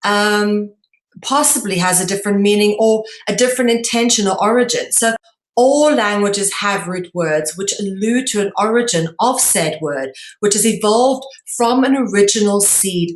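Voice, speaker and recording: Female presenter, lecture delivery, measured and explanatory, hesitant fillers, roomy echo. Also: mid-range voice. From South Africa. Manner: measured, explanatory, with frequent ums.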